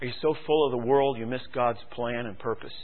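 A man preaching a sermon, swinging from quiet musing to loud, fervent exhortation and firing rhetorical questions at the congregation. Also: medium pitch, steady tone, a little fast. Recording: tinny phone-like radio broadcast.

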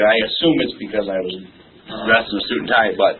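A man's voice: on the low side, animated, quick pace, slight background noise. A man preaching a sermon, emphatic and folksy, often checking in with "okay?". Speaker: pastor. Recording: tinny phone-like lo-fi recording.

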